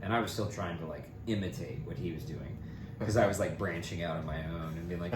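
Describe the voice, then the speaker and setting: A man's voice: sits low, fast talker. Young male podcast co-host, rambling storyteller, distant echoey mic with hiss. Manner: rambling, animated, full of fillers and acted-out quotes. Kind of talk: casual storytelling chat.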